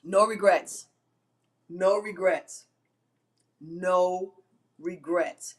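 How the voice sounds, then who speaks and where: A woman's voice: lowish voice, expressive, moderate pace. A woman hosting an inspirational live-stream talk, emphatic and given to repeating phrases for effect.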